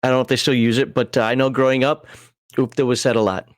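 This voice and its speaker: A man's voice: medium pitch, flat delivery, fast, no echo, studio quality. A man casually reading game rules on a livestream, rambling with frequent chuckles and side tangents. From American Upper Midwest.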